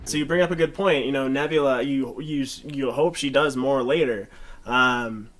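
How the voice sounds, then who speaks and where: A man's voice: medium pitch, normal speed, fairly bright tone. A man hosting a casual movie review chat, talking enthusiastically and rambling through restarts. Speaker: podcast host.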